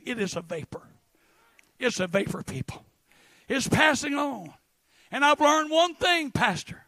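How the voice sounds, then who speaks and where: High-pitched fervent preacher man. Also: dry recording. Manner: fervent, rising to shouts. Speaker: pastor. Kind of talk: Pentecostal sermon.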